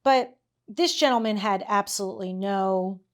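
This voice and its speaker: A woman's voice: medium pitch, moderate pace. A middle-aged woman teaching tailoring in her workshop, chatting casually, laughing often and checking in with "okay?" and "all right?". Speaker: tailoring instructor. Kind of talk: casual teaching chat with anecdotes.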